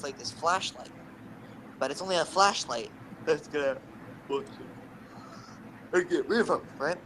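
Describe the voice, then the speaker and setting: Young guy ranting thru a gaming story, bright sharp voice, bit of hiss behind. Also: fairly high pitch, rough recording. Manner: animated, swearing, rambling anecdotes. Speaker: podcast co-host. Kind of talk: casual storytelling.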